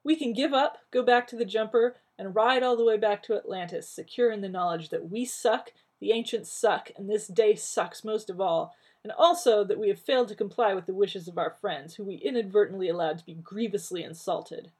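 A woman's voice: mid-range voice, fairly quick, few pauses, darkish tone, slightly rough, voice pushed up, lightly acted. A woman reading as a peevish, wordy male scientist. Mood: indignant. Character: peevish, anxious male scientist, fast-talking.

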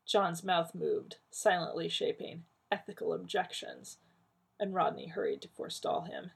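Gravelly, husky woman reading fiction. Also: lowish voice, moderate pace. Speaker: narrator.

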